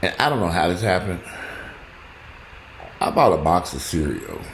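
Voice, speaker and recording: A man talking casually to his viewers, rambling and joking, swinging between loud exclamations and low asides. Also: huge pitch swings, normal speed, vocal fry, a little hiss or hum. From United States. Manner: rambling, joking, talks straight to the audience. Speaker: vlogger.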